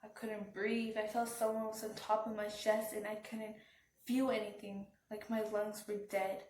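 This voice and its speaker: Flat-voiced woman in a roomy space. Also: medium pitch, slight background noise. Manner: halting, subdued retelling with restarts. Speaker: vlogger. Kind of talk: personal storytime. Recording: roomy, from some distance off the mic.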